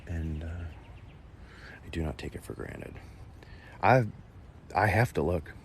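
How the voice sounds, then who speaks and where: This man has a low voice and a slow pace. He is a livestream host walking by a beach lagoon, chatting casually and responding to viewer comments with nervous laughter. He uses a plugged-in mobile mic, and outdoor wind and nature sounds are present.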